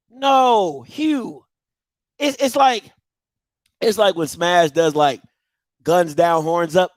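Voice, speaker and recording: A man hosting a live talk show, his voice sitting high and leaping all over the place. He talks in emphatic, slangy bursts of casual banter. The sound is close and dry, with no room echo. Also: lively intonation, measured pace. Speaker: show host. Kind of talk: casual on-air rant.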